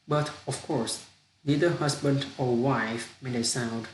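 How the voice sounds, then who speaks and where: Halting male reader, slow, roomy echo, faint hiss. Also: medium pitch, fairly even intonation. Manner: halting, with repeated restarts and fillers. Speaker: reader practicing storytelling. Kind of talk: reading a story aloud. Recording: echoey room with faint hiss.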